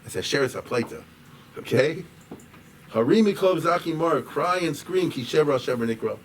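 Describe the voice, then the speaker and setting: Rabbi lecturing from a distant mic. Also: male voice, fairly high pitch, moderate pace. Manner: conversational, digressive, animated when quoting. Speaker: rabbi teaching a class. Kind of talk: informal lecture. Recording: distant mic with faint room noise.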